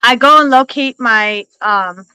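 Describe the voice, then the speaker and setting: A woman hosting a live stream, telling a long story in a loose, animated way and swearing freely. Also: a little high, a little slow, smooth, no echo, poor audio. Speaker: livestream host and psychic reader. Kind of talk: casual storytelling chat.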